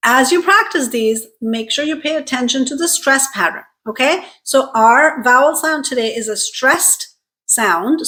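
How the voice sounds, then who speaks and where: A woman teaching English pronunciation, slowly and clearly modeling sounds and words for learners to repeat. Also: on the high side, fairly bright tone. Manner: slow, clearly articulated drilling of words. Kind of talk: pronunciation lesson with repeat-after-me drills.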